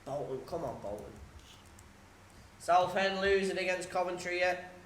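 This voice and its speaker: High-voiced streamer in an echoey room. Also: male voice, moderate pace, a little hiss or hum. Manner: chatty, reads scores aloud, swears, laughs often. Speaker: football watchalong streamer. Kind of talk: live score commentary and chat.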